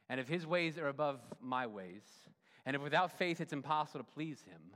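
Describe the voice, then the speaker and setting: A male pastor preaching a sermon, swinging from loud emphatic runs to hushed, soft endings. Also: mid-range voice. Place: church sanctuary. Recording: long reverb of a church hall.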